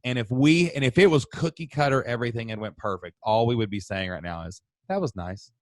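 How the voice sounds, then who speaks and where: A man in his thirties co-hosting a casual chat, a talkative and animated storyteller. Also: medium pitch, a little fast, no echo. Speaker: co-host.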